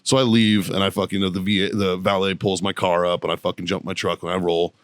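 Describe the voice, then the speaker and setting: A man's voice: low-pitched, level tone, fairly bright tone, clear, resonant tone, no room sound. A man, a podcast guest, telling a story in casual, profane chat and laughing often as he talks. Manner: profane, laughing, rapid anecdotal retelling. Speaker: podcast guest, show producer.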